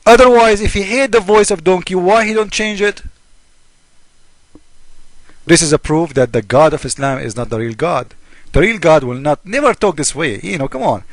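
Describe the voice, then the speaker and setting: A man's voice: a little high, lively intonation, moderate pace, no echo. A man delivering a polemical monologue as a religious critic, mocking and argumentative, firing off rhetorical questions.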